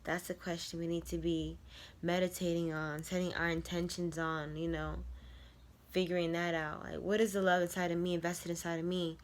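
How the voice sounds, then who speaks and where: Earnest woman with a low voice. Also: flat delivery, normal speed. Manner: earnest, heartfelt, rambling with many fillers. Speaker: content creator. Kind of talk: reflective personal vlog monologue.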